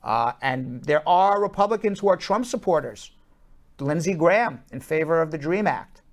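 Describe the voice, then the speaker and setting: A man hosting a talk show, giving casual political commentary in animated, fast bursts with lots of fillers. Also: a little high.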